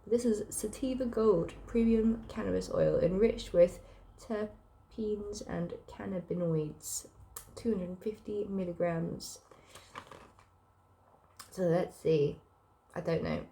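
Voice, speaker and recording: A young woman vlogging casually, sick and low, rambling with lots of fillers and sighs. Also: slow, creaky, mellow. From South Africa. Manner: emotional, rambling, sighing, many fillers. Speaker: book vlogger. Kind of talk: casual personal vlog.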